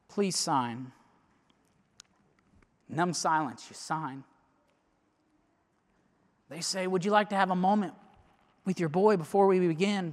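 High-voiced man preaching in a reverberant hall. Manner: dramatic storytelling, swinging from loud urgency to hushed near-whispers. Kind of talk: sermon illustration told as a story. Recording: long reverb of a large hall.

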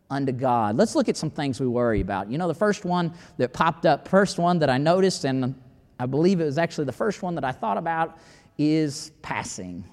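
Man preaching a folksy sermon, higher voice, hall reverb. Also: a little mellow. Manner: folksy, conversational preaching with scripture quotes.

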